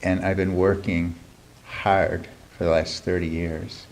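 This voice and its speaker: A man's voice: low-pitched, level tone, slow pace, creaky, slight background noise. A middle-aged man reading his humorous essay aloud at a live reading event, dry and wry, with many ums between phrases. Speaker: writer reading his piece.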